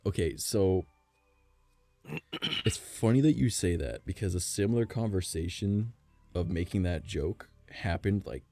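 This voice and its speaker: This man's voice sits low, with a gravelly, husky, dark tone that sounds strained and worn. He rambles and curses through a casual stream, laughing a lot, while faint music plays behind him.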